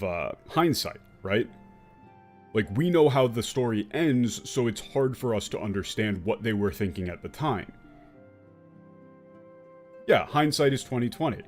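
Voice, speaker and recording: A man commentating casually while playing a game, rambling with fillers and swearing. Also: medium pitch. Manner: animated, profane, rambling with many fillers. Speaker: gaming streamer.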